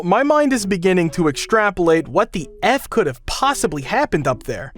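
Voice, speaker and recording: A man narrating a first-person workplace story, lively and exasperated. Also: sits high, brisk, hardly any pauses. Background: faint background music.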